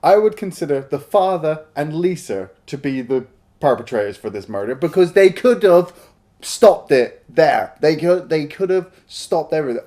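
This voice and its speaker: A man's voice: fairly high pitch, lively intonation, normal speed, dark tone. A man co-hosting a film review show, chatting casually and animatedly, swearing and acting out scenes. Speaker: film review podcast co-host. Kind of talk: casual chat.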